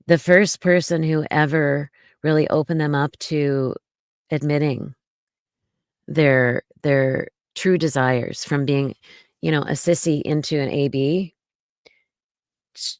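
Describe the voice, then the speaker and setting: A woman being interviewed as a guest on a podcast, talking casually in a slow, gentle, reassuring way with plenty of fillers. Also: low-pitched, steady tone, no room sound, clean studio sound. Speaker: podcast guest, mommy domme.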